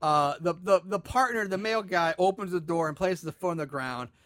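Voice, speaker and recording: High bright-voiced man recapping a movie. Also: brisk, dry recording, clean studio sound. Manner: animated, sarcastic, swears freely. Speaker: podcast host recapping a movie. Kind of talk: casual comedic movie recap.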